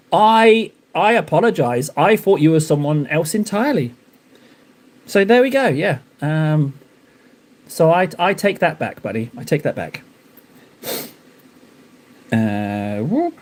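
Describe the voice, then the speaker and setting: A young man hosts a live stream and chats with his viewers while he paints miniatures. His voice sits a little high and swings widely in pitch. He teases his chat with playful, mock-dramatic flair.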